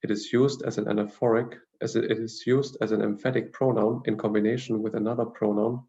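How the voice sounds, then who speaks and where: Low gravelly male grammar lecturer. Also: little pitch movement, warm tone, dull audio. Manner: measured, explanatory, with frequent fillers and restarts. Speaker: language teacher. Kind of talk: lecture reading grammar notes.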